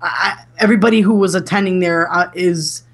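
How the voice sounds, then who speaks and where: A woman's voice: on the low side, a little fast, slightly rough. A woman chatting as an interview guest, with many restarts and fillers. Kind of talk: casual interview chat.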